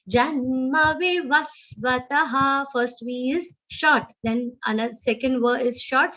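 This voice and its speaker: A woman with an Indian English accent teaching Sanskrit verse recitation in an online class, correcting pronunciation and chanting lines slowly. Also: high-pitched, fairly bright tone. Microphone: video call.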